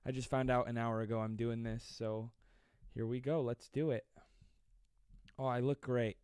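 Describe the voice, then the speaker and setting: A man in his twenties hosting a live stream, reading viewer comments aloud and joking with a fast, self-deprecating manner. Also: medium pitch, steady tone, darkish tone, clean tone, dry recording, studio quality. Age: 20s. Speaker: livestream host.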